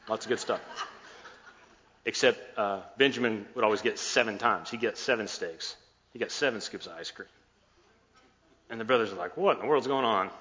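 A man's voice: on the low side, bright, forceful tone. A man preaching a sermon, retelling a scripture story casually, acting out the dialogue and slipping in jokes. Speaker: pastor. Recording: muffled, echoey hall sound.

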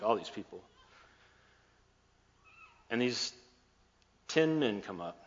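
A pastor preaches a sermon, casually retelling a scripture story, acting out its dialogue and slipping in jokes. His voice is medium-pitched and a bit bright, captured with a muffled, echoey hall sound.

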